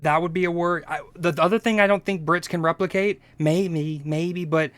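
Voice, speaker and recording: Smooth-voiced man chatting on a stream. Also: on the high side, fairly even intonation, normal speed, a bit bright, no echo. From United States. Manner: rambling, profane, restarts often. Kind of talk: casual live-stream reaction chat.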